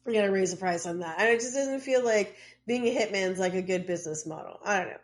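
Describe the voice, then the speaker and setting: A fast-talking woman with a mid-range voice co-hosts a podcast, casually retelling a true-crime case. She wanders into loose asides and says "like" a lot.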